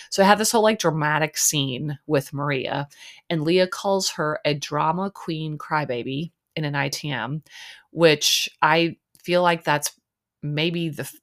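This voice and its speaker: A woman's voice: deep voice, measured pace. A woman hosting a podcast, giving a chatty, opinionated recap of a reality dating show with lots of ums and likes. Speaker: podcast host.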